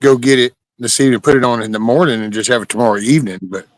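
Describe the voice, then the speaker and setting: Reading chat comments on his livestream, a man from Southeast Texas jokes around with viewers in a laid-back, folksy, profane style. He talks very fast at a medium pitch, and the audio has no echo.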